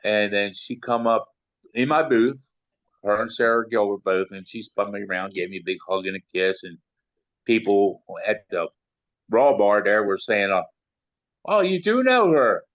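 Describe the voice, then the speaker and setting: A man's voice: on the low side, steady tone, normal speed, dry recording, lo-fi sound. An older man from Maryland, an interview guest telling long rambling stories packed with "you know" fillers. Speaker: interview guest, sound engineer. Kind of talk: casual storytelling.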